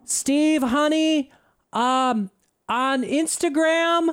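A man's voice: very high-pitched, extremely slow, fairly bright tone, voice pushed up, full character voice. A man doing a clueless pampered rich wife. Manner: breathless, stammering, clueless. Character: pampered rich woman asking her husband for help.

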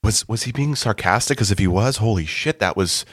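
A man's voice: lowish voice, animated, a little fast, breathy edge, no echo, studio quality. A young man hosting a podcast in casual chat, rambling with lots of filler words. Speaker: podcast host.

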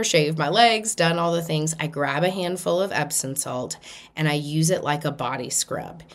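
A woman with a low-pitched voice gives a spoken self-care lesson. She sounds soothing and affirming, and she moves slowly through repeated lists of words and phrases. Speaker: energy healing teacher.

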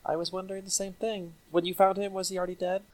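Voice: mid-range voice, flat delivery, fast. A player in a tabletop game, talking casually and speaking politely and evenly in character.

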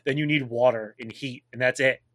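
A boisterous man in his thirties chats loosely on a podcast, swearing freely and laughing often. His voice is bright and forceful. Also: mid-range voice, fairly even intonation, brisk, slight background noise. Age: 30s. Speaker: podcast co-host, military veteran. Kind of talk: casual chat.

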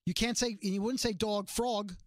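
A woman's voice: medium pitch, normal speed, no echo, studio quality. A middle-aged woman co-hosting a podcast, chatting casually and telling stories with emphatic energy. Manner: animated, emphatic storyteller. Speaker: podcast co-host. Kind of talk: casual chat.

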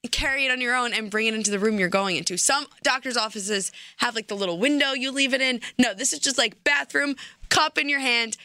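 A young woman talks in a chatty, giggly way as a podcast co-host. Her voice is bright and a little high, recorded close and dry. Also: fairly quick, dry recording. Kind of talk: casual chat.

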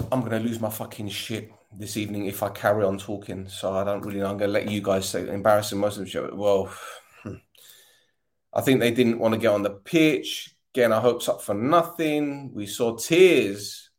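A man's voice: lowish voice, steady tone, moderate pace. A man hosting a football fan podcast, ranting angrily, swearing often and repeating himself.

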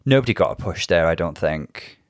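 A man's voice: sits low, animated, brisk, no echo, studio quality. A man co-hosting a casual chat, talking things through in a thoughtful, analytical way. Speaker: podcast co-host.

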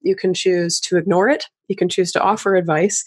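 A woman's voice: fairly low pitch, fairly even intonation, a little fast, slightly rough. Woman hosting a podcast interview. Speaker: podcast host. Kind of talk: conversational interview.

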